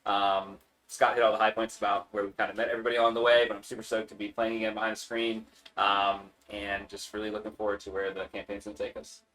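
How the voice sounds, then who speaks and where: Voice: medium pitch, flat delivery, quick pace, a bit bright, poor audio. A game master introducing himself in an easygoing, modest way. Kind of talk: casual chat.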